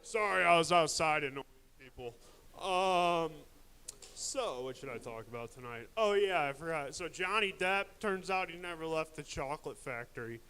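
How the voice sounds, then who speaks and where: A man's voice: on the high side, animated, normal speed, bright, forceful tone, clear, resonant tone, low-quality recording. A young man doing a crude, rambling stand-up set at a live open mic, mocking himself along the way.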